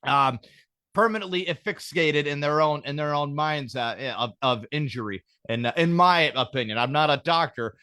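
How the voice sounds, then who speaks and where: A man's voice: on the high side, moderate pace, pushed and bright, clear, resonant tone, no echo. A man hosting a podcast, rambling through stories in casual comedic chat, swearing freely. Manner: profane, rambling storyteller. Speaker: podcast host.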